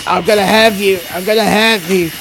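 A man voicing a deranged, drugged-up man locked in a train toilet, shouting threats in a raised, strained voice. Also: high voice, fairly even intonation, moderate pace, vocal fry, noisy background, pitched above the performer's own voice. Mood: raging. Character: raging man barricaded in a train toilet, high.

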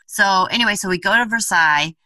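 A woman host casually telling a funny travel story, animated and laughing, with many filler words and frequent swearing. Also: medium pitch, quick pace, no echo, far from the mic.

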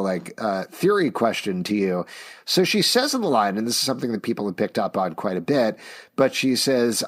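A man's voice: on the low side, brisk. A man in his thirties, co-hosting a podcast, talking eagerly and often chuckling in casual discussion. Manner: animated, enthusiastic, chuckles often. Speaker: podcast co-host.

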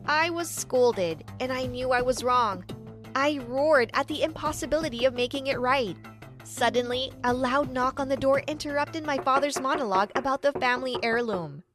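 A woman tells a first-person story in an earnest, dramatic way. Her voice sits high, with soft music playing underneath. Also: moderate pace. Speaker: story narrator.

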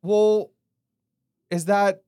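A woman co-hosting a casual Christian podcast, animated and posing rhetorical questions as she reasons aloud. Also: mid-range voice, smooth. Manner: quick-talking, animated, asks rhetorical questions. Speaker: podcast co-host.

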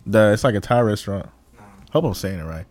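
A man's voice: lowish voice, a little fast, dry recording. A man co-hosting a podcast, chatting casually and teasing his friends. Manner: animated, teasing, jumps between loud and quiet. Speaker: podcast co-host. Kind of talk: casual chat.

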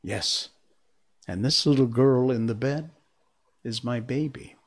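A man voicing a gentle, guilty grown woman who speaks softly and hesitantly in a storybook reading. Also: mid-range voice, slow pace, husky. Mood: sad. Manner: soft and hesitant.

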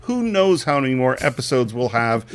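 A man's voice: medium pitch, big pitch swings, moderate pace, clean tone. A man co-hosting a film podcast, talking in an earnest, openly emotional way. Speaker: podcast co-host. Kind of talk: casual reflective talk.

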